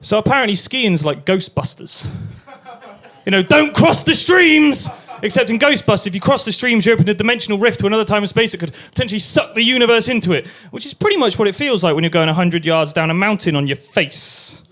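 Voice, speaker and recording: A man's voice: sits high, animated, fast, a bit bright. A young man performing a crude stand-up set at an open mic night, acting out voices and sounds. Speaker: stand-up comedian.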